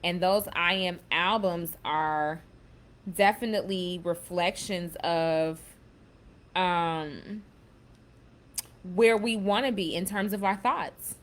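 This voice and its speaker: Taking it slowly in a lowish voice, this spiritual self-help host keeps things chatty and informal. She reads affirmations with emphasis and sprinkles in "baby" and "y'all."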